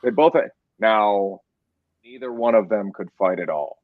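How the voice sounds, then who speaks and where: Dude riffing on a fight podcast, gets heated, kinda muffled dry audio. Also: male voice, on the low side, unhurried, no echo. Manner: fired-up, rambling storyteller. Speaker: podcast co-host. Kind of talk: casual sports chat.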